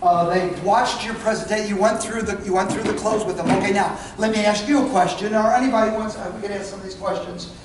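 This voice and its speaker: A man's voice: high-pitched, steady tone, fast, hardly any pauses. A man running a sales training session in a meeting room, folksy in manner, talking without a microphone and acting out what to say to customers. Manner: folksy, role-plays lines to customers. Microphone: without a microphone, away from the recorder. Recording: roomy, distant, faint room noise.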